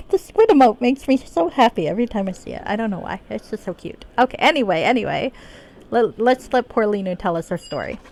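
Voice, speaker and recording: A woman's voice: a little high, very animated, fairly quick, darkish tone. A woman live-streaming a video game, chatting casually, laughing often and reading the game's dialogue aloud in her own voice.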